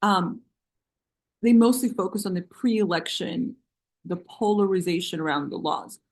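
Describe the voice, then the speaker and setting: A woman in a political panel discussion, talking in an animated and sarcastic way. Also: lowish voice, measured pace. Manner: animated, sarcastic, mocks others in quoted voices. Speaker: panel guest.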